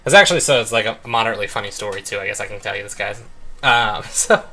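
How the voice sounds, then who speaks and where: A young man with a lowish voice and a sharp tone talks fast while playing a game, hosting a let's play. His casual chat rambles, full of "like" and "um."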